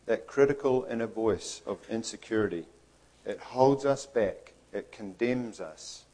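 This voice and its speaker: An earnest male preacher delivering a sermon with emphasis and repetition. He acts out the figures he quotes while keeping to a steady preaching delivery. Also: lowish voice, unhurried, low-quality recording.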